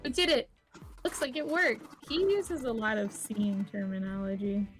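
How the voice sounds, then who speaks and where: A woman's voice: medium pitch, moderate pace, faint music behind. A woman streaming a game, giggly, reading character lines aloud.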